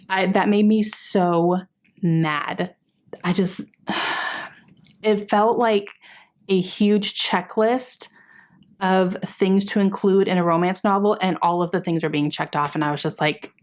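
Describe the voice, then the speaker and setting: A woman's voice: on the low side, fairly even intonation, takes it slowly, pauses often. A young woman vlogging a chatty book review, exasperated at times, with frequent sighs and fillers. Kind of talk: casual book review chat.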